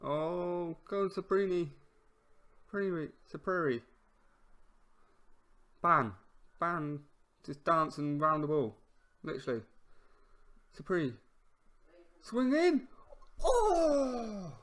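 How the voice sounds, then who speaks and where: Excitable man narrating a football game. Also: fairly high pitch, takes it slowly, long pauses. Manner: excitable, shouting at near misses and goals, mumbling over menus; wry, self-mocking, stumbles over player names. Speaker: gamer commenting on his own play. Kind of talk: casual let's-play commentary.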